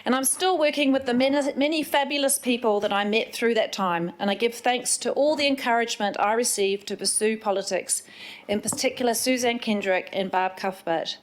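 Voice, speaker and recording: Kiwi woman councillor giving her first speech, earnest, bit teary, voice sits a touch high. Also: brisk. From England. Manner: emotional, tearful at moments, earnest. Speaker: city councillor.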